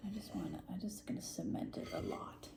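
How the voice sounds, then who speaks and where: A young adult woman vlogger crafts at home with a friend, chatting casually indoors. She talks fast in a whisper, joking playfully and laughing often.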